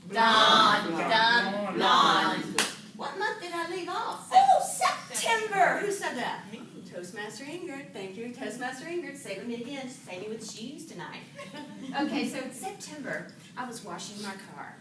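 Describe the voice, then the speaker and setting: Lively high-voiced woman telling jokes. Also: moderate pace, a crowd in the background. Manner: animated storytelling with frequent laughter. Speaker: Toastmasters speaker. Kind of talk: humorous speech to a club audience. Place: meeting room with live audience. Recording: echoey room from far off, audible room noise.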